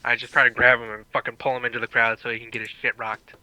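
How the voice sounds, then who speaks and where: Fast, bright-voiced brash player man. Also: mid-range voice, level tone, no echo, poor audio. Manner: brash, profane. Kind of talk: tabletop role-play.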